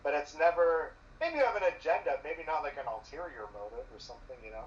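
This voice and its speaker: A man's voice: on the high side, expressive, quick pace, crowd noise. A man who is a journalist talking casually as a guest, explaining at length with many fillers. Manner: loose, filler-heavy explaining. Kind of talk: casual conversation. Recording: roomy, distant, muffled mic.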